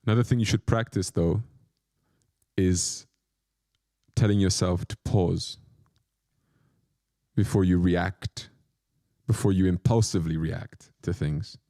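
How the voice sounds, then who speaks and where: A man's voice: deep voice, fairly even intonation, slow pace, pauses often, mellow, dry recording, clean studio sound. A man, a monk, giving a spiritual lecture with playful, self-mocking asides and short phrases repeated for emphasis. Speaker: monk teacher.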